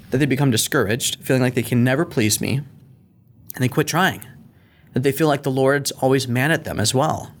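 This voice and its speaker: A middle-aged man hosting a faith-based parenting podcast, earnest and animated, sometimes acting out an angry parent. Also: mid-range voice, brisk, slight background noise. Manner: earnest, animated, acts out yelling at his kids. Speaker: podcast host.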